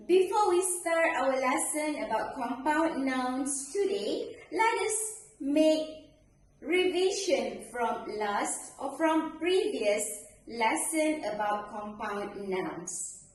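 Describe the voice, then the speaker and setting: High lively woman teacher going slow and clear, echoey room, mic a bit far off. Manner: slow, clear, enunciating, sing-song. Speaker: primary school English teacher. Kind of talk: recorded grammar lesson for pupils. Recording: echoey room, distant mic, faint noise.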